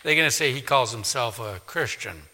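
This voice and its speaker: A male pastor preaching a sermon in a church, emphatic, swinging from loud declaring to quiet pleading. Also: mid-range voice, animated, normal speed. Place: church sanctuary. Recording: long reverb of a large hall.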